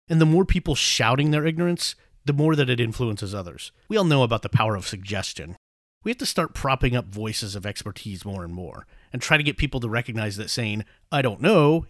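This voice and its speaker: A man's voice: mid-range voice, no room sound, clean studio sound. A man hosting a podcast, giving a blunt opinionated monologue and swearing freely in casual banter. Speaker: podcast host.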